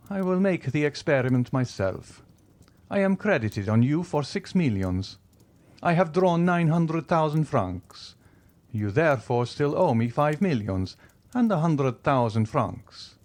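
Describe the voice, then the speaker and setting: A man plays a rich, coolly ironic nobleman in a storybook reading, his voice lifted noticeably higher than plain narration. The tone is smooth and mockingly polite, rising and falling in a lively way. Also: a little slow. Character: wealthy, suave, coolly ironic male nobleman. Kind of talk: audiobook character reading.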